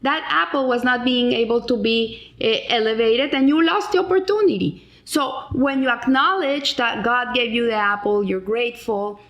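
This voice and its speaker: A woman's voice: on the high side, normal speed, few pauses, fairly bright tone, lo-fi sound. A middle-aged woman explaining a weekly Torah lesson in an earnest way, with frequent restarts and Hebrew terms. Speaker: Torah teacher.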